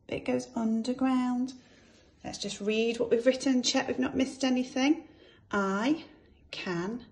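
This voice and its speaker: Woman, infant school teacher, very slow deliberate delivery, sounds out letters clearly for small children. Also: mid-range voice, a little mellow. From England. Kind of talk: slow phonics lesson for young children.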